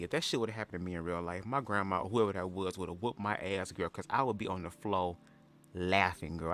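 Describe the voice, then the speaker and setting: A man with a lowish voice hosts a casual livestream, chatting in a sassy, profane, storytelling way. He keeps jumping into shrill impressions before dropping back down, and faint music plays underneath. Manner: animated, jumps into high-pitched impressions. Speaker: livestream host. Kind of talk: casual livestream reaction chat.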